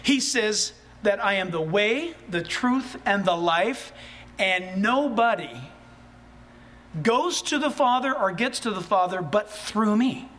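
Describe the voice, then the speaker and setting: High-voiced animated preacher. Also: male voice, takes it slowly. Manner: animated, rhetorical questions, rising to near shouts. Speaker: pastor. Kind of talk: sermon.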